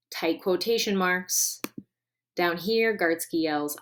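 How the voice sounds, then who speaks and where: A woman teacher giving a recorded grammar lesson, clear and deliberate, stressing key words. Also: fairly low pitch, expressive, slight background noise.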